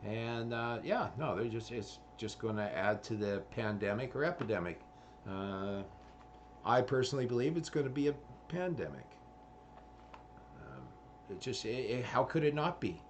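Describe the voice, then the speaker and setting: A man's voice: medium pitch, animated, moderate pace, slight background noise. Swearing, rambling man. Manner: profane, rambling, full of fillers. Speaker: vlogger. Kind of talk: ranting commentary.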